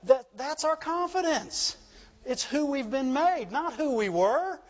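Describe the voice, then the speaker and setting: A man preaching a sermon in an animated call-and-response manner, asking the congregation for agreement. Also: very high-pitched, a little slow, highs cut off. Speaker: pastor.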